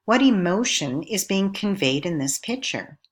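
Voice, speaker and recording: A woman giving a recorded lesson, speaking in a clear, measured teacherly way and putting questions to the viewer. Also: mid-range voice, big pitch swings. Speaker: instructor.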